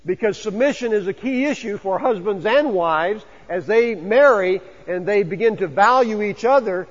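A man's voice: high voice, lively intonation, moderate pace. A man preaching a conversational sermon to his congregation, often asking them questions. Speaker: pastor. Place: church sanctuary. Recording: dull lo-fi sound with long church reverb.

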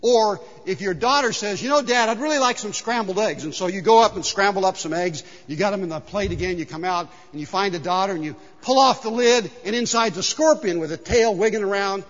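A male pastor preaching a conversational, animated sermon and drawing in his congregation, recorded in a church hall with long reverb on a dull, muffled recording. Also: high-pitched, brisk, hardly any pauses.

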